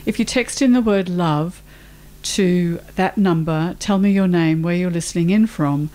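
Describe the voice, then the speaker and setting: Unhurried woman radio host, low voice. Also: warm tone. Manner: unhurried, many filler pauses. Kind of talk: casual radio chat. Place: radio studio. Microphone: studio microphone.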